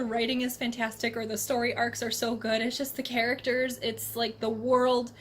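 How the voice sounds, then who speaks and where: A woman's voice: a little high, flat delivery, normal speed, few pauses. Chatty, bubbly woman reviewing books. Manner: chatty and enthusiastic, laughs often. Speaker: book reviewer. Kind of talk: casual book review vlog.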